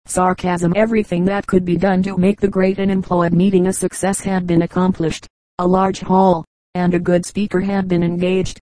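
Woman, audiobook narration, mellow dark voice, dry close sound, steady even reading. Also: lowish voice, dry recording, poor audio. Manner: steady, even reading of short jokes with dialogue. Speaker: audiobook reader.

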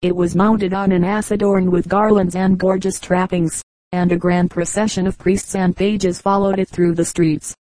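A woman reading fables aloud as an audiobook narrator, in a calm, measured way. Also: fairly low pitch, no room sound, poor audio. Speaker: audiobook reader. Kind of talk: storybook narration.

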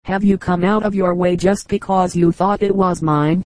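A woman voicing a lively, frank young girl who talks candidly and briskly, in an audiobook reading. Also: on the low side, no room sound, lightly acted.

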